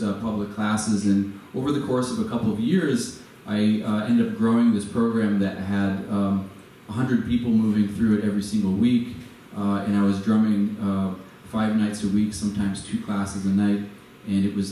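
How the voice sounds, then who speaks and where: A man's voice: lowish voice, warm tone. A man in his forties giving a storytelling talk to an audience, hesitant, with many fillers and restarts. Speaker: guest speaker. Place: venue with a live audience. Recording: echoey hall from far off, faint noise.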